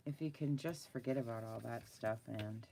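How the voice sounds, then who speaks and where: Very low, gravelly-voiced woman chatting bluntly. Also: moderate pace, slight background noise. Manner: chatty, blunt, animated, laughs often. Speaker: vlogger chatting with live viewers. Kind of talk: casual chat while drawing. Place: at a desk indoors.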